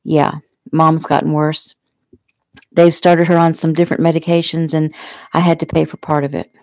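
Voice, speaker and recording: A woman reading the part of a cheerful young Southern waitress in a storybook, bright and friendly. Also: low voice, little pitch movement, normal speed, dry recording, clean studio sound.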